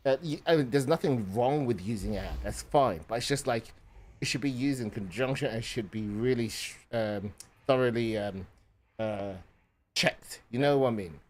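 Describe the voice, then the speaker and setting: A man's voice: mid-range voice, moderate pace, a little mellow. A man streaming a video game, chatting casually with teammates, rambling with many fillers and restarts. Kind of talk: casual chat while gaming.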